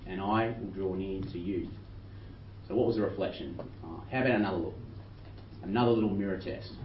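A man preaching a sermon, earnestly reading scripture with rising emphasis. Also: fairly low pitch. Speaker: pastor. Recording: roomy distant dull recording with faint noise.

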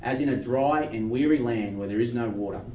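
Man preaching, earnest sermon, slow scripture reading, distant roomy recording, dull sound with faint hiss. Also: medium pitch. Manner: earnest, reads scripture slowly with rising emphasis. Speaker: pastor.

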